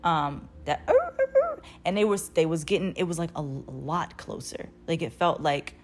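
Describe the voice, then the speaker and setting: Young woman, slightly low voice, animated casual storyteller who swears freely. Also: normal speed. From United States. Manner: animated, swearing, laughing through the telling.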